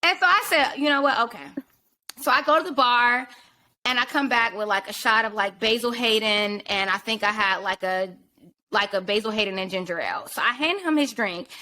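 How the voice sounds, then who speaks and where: A woman hosting a podcast, telling a casual and profane story in an animated way, jumping in and out of quoted voices. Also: on the high side, a little fast. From rural area. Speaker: podcast host.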